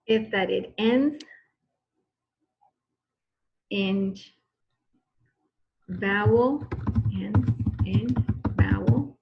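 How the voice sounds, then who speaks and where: A woman's voice: mid-range voice, extremely slow, long pauses, highs cut off. A woman teacher giving a recorded grammar lesson, patient and repetitive, often checking in with "okay?".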